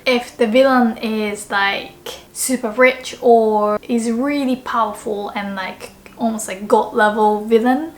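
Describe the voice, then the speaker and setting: A woman's voice: medium pitch, steady tone, unhurried. A woman teaching a casual video language lesson, explaining chattily, often checking in with "right?" and acting out short example phrases.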